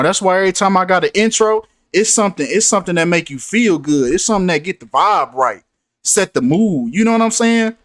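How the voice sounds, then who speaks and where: A man's voice: high-pitched, a bit bright, no room sound, studio quality. A man hosting a casual commentary, preachy in tone and repeating himself for emphasis. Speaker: host.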